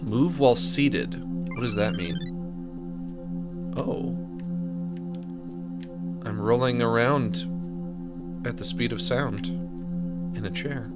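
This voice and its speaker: Man live-streaming a game, mid-pitched, rambling and jokey, talking to chat, clear game music behind. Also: lively intonation, takes it slowly, pauses often. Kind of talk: casual live-stream commentary.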